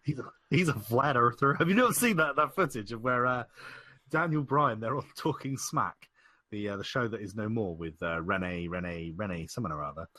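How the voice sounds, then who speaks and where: A man co-hosting a casual podcast, telling stories in an animated, rambling way with plenty of fillers. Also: medium pitch, a little fast, no echo. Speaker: podcast co-host. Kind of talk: casual wrestling chat.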